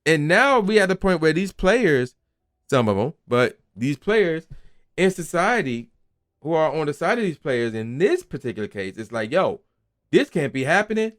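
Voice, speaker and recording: A young man hosts a gaming channel, his voice on the high side at a moderate pace. He rants emphatically in a casual opinion piece, animated and slangy, sometimes acting out the voices of people he quotes.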